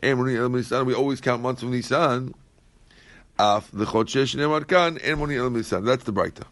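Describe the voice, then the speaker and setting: A man's voice: mid-range voice, fairly quick, a bit bright, no room sound. Man teaching a dry, close Talmud class. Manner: reads Aramaic lines, then explains them in plain English; repeats phrases while working through the text.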